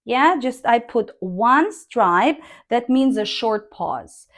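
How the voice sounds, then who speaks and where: Woman, teacher, slow deliberate delivery, fairly high voice. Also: expressive, fairly bright tone. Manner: slow, deliberate, models intonation by reading sentences aloud. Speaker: English speaking teacher. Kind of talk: online language lesson.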